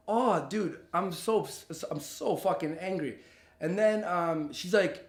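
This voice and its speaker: A man's voice: sits high, measured pace, reverberant. A young man angrily ranting to camera in a storytime vlog, heated and profane, sputtering and restarting his sentences. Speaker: YouTuber. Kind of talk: angry storytime rant to camera.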